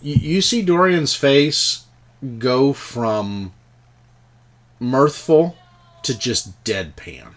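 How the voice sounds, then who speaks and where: A man narrating as game master in a tabletop game, telling the scene in an animated, stumbling way. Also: medium pitch, drawn-out words, long pauses.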